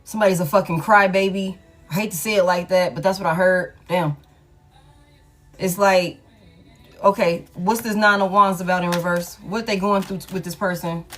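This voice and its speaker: A woman's voice: fairly low pitch, steady tone, moderate pace, faint music behind. A woman doing a casual tarot reading. She talks bluntly, swears freely and repeats her lines. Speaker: tarot reader.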